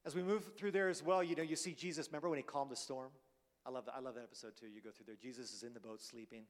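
A man's voice: mid-range voice, fairly even intonation, very fast. A man preaching a sermon in a conversational way, often checking in with "right?", his voice carried by the long reverb of a large church hall.

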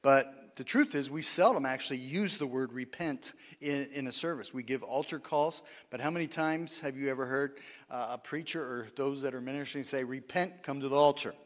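A man's voice: medium pitch, brisk, big-room sound. A pastor preaching a sermon in a conversational way, often asking the congregation for responses and laughing at his own lines. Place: church sanctuary.

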